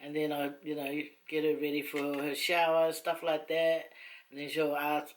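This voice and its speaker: This middle-aged woman's voice is low-pitched and steady, a little slow, with a Samoan accent. A mukbang vlogger, she sits on a long chair at home and spins loose, teasing stories for the camera, laughing a lot as she goes.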